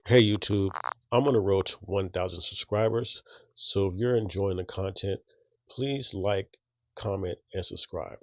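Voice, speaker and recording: A man's voice: sits low, a little slow, dry recording, muffled recording. A man hosting a reaction channel, commenting in a conversational, reflective way and thinking aloud as he goes. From United States.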